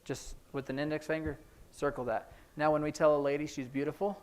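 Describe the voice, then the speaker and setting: A man teaching a sign language class in a church classroom, explaining each sign as he demonstrates it, with hurried asides about the time. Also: a little high, level tone, darkish tone. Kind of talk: classroom instruction.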